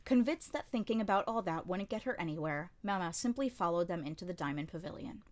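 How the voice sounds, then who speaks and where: A woman's voice: lowish voice, expressive, fast talker, darkish tone. A woman narrating a light novel as an amateur audiobook reader, in a dry, wry storytelling manner. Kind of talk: scripted narration.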